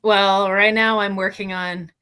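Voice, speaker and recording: A woman co-hosting a casual talk show, earnest and animated as she tells her story. Her voice sits at an ordinary middle pitch for a woman. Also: measured pace, clean tone. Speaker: co-host. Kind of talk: casual podcast chat.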